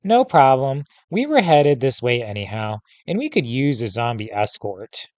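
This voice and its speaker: A man's voice: medium pitch, very animated, moderate pace, darkish tone, no echo, close to an everyday voice. Brief: flippant teen boy, quips through fear, voiced by a man. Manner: quippy, flippant. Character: joking teenage boy twin.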